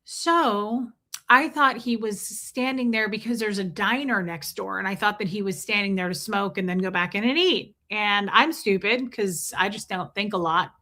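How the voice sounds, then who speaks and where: A woman streams live, telling a story at a moderate pace in a mid-range voice. Her delivery is casual and lively, and she stops periodically to greet her chat.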